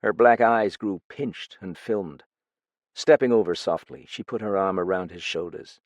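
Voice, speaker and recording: A man narrating an audiobook and voicing a detective in an expressive, lively reading. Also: low-pitched, moderate pace, dry recording. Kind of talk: scripted narration.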